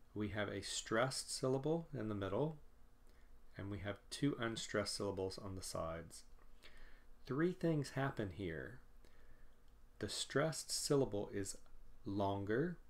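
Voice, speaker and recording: Male teacher, slow and careful, lowish voice, explains and repeats examples; recorded lecture. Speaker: pronunciation teacher.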